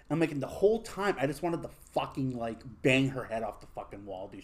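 A young man hosting a podcast, telling crude stories in casual chat, full of swearing and fillers. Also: medium pitch. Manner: crude, profane storytelling with lots of fillers. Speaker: podcast host.

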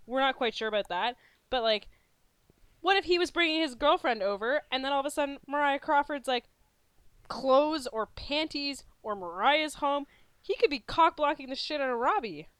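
A woman's voice: high voice, expressive, moderate pace, a bit bright, no echo. A woman co-hosting a podcast in casual chat, blunt and peppered with "like". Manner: blunt, frequent "like". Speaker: podcast co-host.

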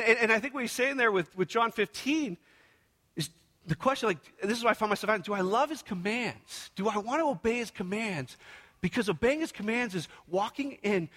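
Young male pastor, bright tenor, candid heartfelt preaching in a big reverberant church hall. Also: extremely high pitch. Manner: candid, earnest, self-deprecating preaching with acted-out prayers. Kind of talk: sermon.

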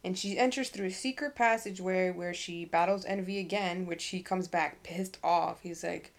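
A woman's voice: lowish voice, steady tone, normal speed. A woman co-hosting a podcast about a book, chatting casually and reading passages aloud. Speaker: podcast co-host. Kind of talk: casual book-club chat.

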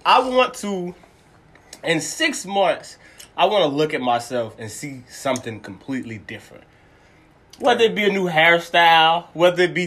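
A man's voice: mid-range voice, fairly bright tone. A man co-hosting a casual chat, bantering playfully and laughing often.

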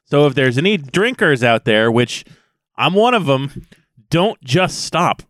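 A man's voice: a little high, very animated, measured pace, a bit bright, no echo, studio quality. A man co-hosting a casual podcast, joking and laughing often as he tells stories. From USA. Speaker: podcast co-host. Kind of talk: casual chat.

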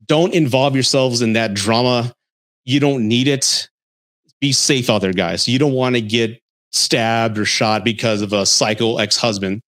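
A man hosting a podcast, telling a dating story in an animated, blunt way and swearing freely before giving advice. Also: medium pitch. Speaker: podcast host.

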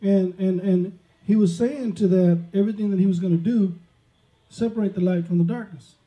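A man's voice: sits high, steady tone, moderate pace. A man preaching a sermon, emphatic and peppering his words with amens and praise. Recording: dull lo-fi sound.

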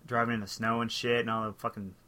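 Bright-voiced crude podcast co-host man. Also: medium pitch, flat delivery, fast talker. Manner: crude, profane banter. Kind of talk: casual comedy chat.

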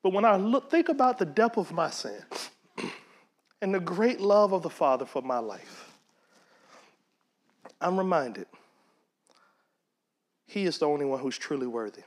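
A man's voice: a little high, animated, unhurried, long pauses. A man teaching a Bible study in a conversational preaching manner. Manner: conversational, acts out quoted voices.

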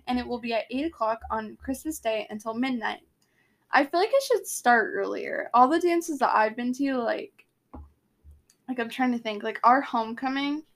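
A young woman casually recapping a novel chapter and adding her own asides in a relaxed chat. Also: fairly high pitch. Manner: chatty, summarizing a book with asides and laughter. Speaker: book discussion co-host.

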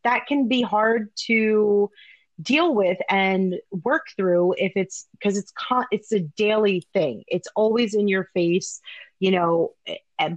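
A woman's voice: medium pitch, no room sound, highs cut off. Candid, chatty woman in casual talk. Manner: candid and chatty, swears freely, many fillers. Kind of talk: casual chat.

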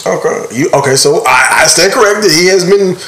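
Man, podcast host, animated voice, teasing, casual, roomy echo. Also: high voice, moderate pace. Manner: teasing, laid-back, asks questions.

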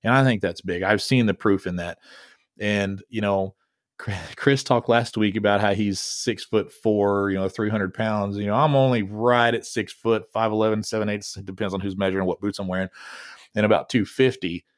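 A man hosting a podcast in a low, relaxed voice. He rambles and jokes casually, heard on a dry, close microphone. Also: normal speed, dry recording. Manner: laid-back, rambling, joking. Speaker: podcast host.

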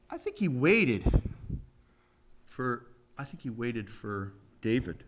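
A man's voice: medium pitch, a bit bright. A middle-aged man preaching a conversational sermon, folksy and emphatic, often putting questions to the congregation.

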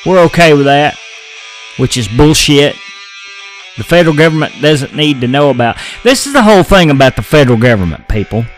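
A man's voice: fairly high pitch, lively intonation, brisk, faint music behind, low-quality recording. An American man hosting his own podcast in a blunt, folksy way, swearing casually as he rants about news and sports. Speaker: podcast host. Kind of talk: casual political podcast rant.

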